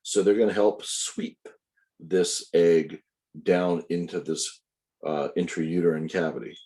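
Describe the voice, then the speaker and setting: A man lecturing on anatomy in a deep voice. His tone is dark and mellow. He walks through each point step by step, pausing to correct himself and to add asides for his students. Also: fairly even intonation. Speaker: anatomy instructor. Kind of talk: recorded lecture.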